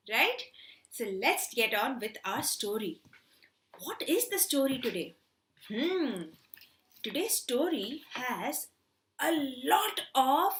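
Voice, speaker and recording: High, slow, bright-voiced woman storyteller. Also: reverberant, a little hiss or hum. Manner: expressive, slow and animated, with many questions to kids. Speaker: storytelling craft teacher. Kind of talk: children's storytelling lesson.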